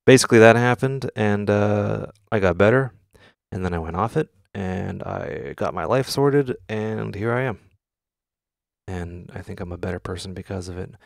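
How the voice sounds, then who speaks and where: This music producer streamer's voice is on the low side and creaky, moving at a moderate pace on a dry recording. He's hosting a relaxed live stream from his home studio, speaking frankly, cursing a lot and fielding chat questions.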